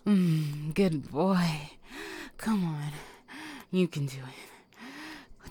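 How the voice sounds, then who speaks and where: A woman in a whispered role-play, teasing and giving commands between breathy whispers and sighs. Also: fairly low pitch, expressive, takes it slowly, a little mellow, dry recording. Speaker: audio role-play performer.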